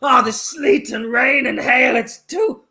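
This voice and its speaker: A man voicing a frantic, careless mother who shouts for her toddler son in an improvised comedy scene. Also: extremely high pitch, takes it slowly, gravelly, heavily acted.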